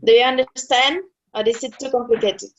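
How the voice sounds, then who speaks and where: The sound is dull and lo-fi as a woman with a high, steady voice teaches Spanish at a brisk pace. Patiently, she breaks down the rules step by step, repeating key terms and checking her student understands.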